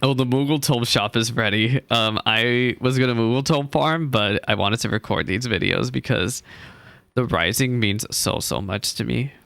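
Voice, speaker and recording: A man's voice: medium pitch, moderate pace, creaky, fairly bright tone, no room sound. A young man casually chatting over gameplay and reading dialogue aloud, sleepy and apologetic. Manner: chatty, apologetic, yawning and drowsy in the morning. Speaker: gaming YouTuber.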